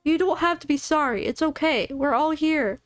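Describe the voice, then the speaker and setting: Woman reading a scared dad, soft and pleading, dry close sound. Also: sits high, moderate pace, no echo, soft background music, natural voice. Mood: distraught. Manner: tender, pleading. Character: distraught middle-aged father.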